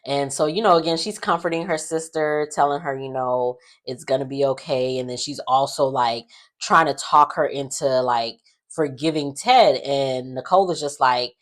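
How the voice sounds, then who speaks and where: A woman's voice: extremely low pitch, normal speed. A woman, casually recapping a soap opera in a chatty, sassy way with lots of fillers. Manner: chatty, animated, sassy asides with many fillers.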